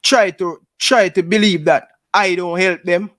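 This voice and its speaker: A man's voice: sits high, fairly even intonation, measured pace, a bit bright, no room sound. A man with a Jamaican accent hosting a YouTube show, venting in heated casual chat and saying "brother" again and again. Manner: aggrieved, repeats "brother" often.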